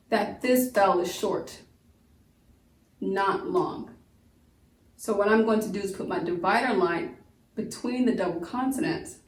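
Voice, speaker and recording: A woman teaching a phonics lesson, slowly sounding out the syllables of words. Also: mid-range voice, recorded from a distance. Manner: slow, stretched sounding-out of syllables. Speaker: homeschool teacher. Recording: echoey room, voice off-mic.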